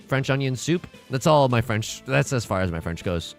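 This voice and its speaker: A man's voice: mid-range voice, moderate pace, few pauses, faint music behind. A male streamer chatting casually and joking while playing a game. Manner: animated, joking, rambling. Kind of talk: casual gaming livestream chat.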